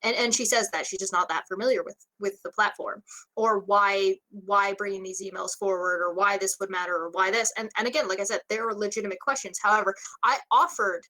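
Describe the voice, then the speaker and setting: A woman in a casual livestream chat, calmly explaining her side point by point. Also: mid-range voice, a little fast, rough recording.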